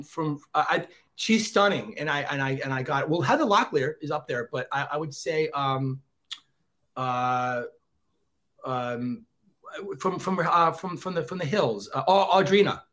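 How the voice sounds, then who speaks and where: A middle-aged man as a podcast guest, an excitable storyteller who acts out quotes in casual chat. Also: fairly high pitch, a little slow. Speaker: podcast guest, former celebrity reporter.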